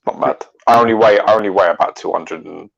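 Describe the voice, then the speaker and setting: A man's voice: on the low side, fast, vocal fry, a crowd in the background. A man hosting a casual livestream chat. He is blunt, laughs a lot and swears. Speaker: host. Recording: muffled stream audio.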